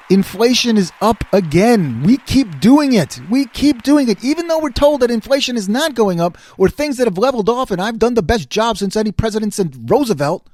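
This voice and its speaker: Animated fifties man hosting a talk show. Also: no echo. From New York. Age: 50s. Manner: animated, rambling, self-mocking, quick swings from low mutter to loud exclaiming. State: slight voice cracks. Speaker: host. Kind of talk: casual solo talk show.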